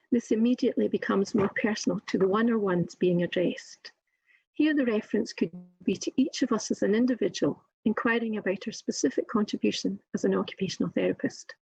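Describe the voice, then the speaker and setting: Scottish woman, formal lecturer, measured and emphatic, breathy and dry, slightly dull recording. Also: mid-range voice, darkish tone, no echo. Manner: measured, deliberate, emphatic delivery. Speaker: occupational therapy lecturer. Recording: muffled lo-fi recording.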